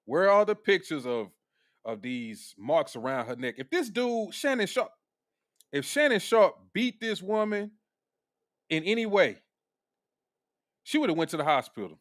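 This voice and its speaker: A man's voice: sits high, big pitch swings, measured pace, long pauses, dry recording, studio quality. A man hosting a casual reaction commentary, blunt and profane, laughing often. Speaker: commentary host.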